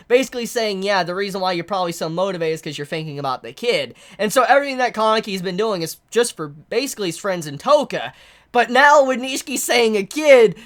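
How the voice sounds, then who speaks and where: A woman reviewing a manga chapter in a casual vlog, excitable and exasperated, swearing freely. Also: on the high side.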